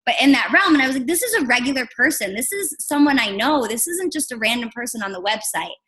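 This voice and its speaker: A young woman from New Jersey, a guest on a training call, telling her story in an animated, chatty way. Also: fairly high pitch, quick pace, rough recording. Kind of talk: casual storytelling.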